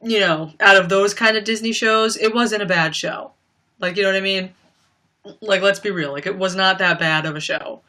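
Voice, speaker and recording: A woman's voice: mid-range voice, moderate pace, bright, forceful tone. A young woman chatting casually on a home livestream, rambling with lots of fillers and frequent laughs.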